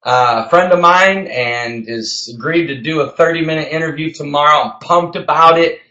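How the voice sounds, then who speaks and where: A man hosting a health show as a health coach, talking emphatically and passionately, getting loud. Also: a little high, moderate pace, roomy sound, dull audio. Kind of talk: energetic podcast talk.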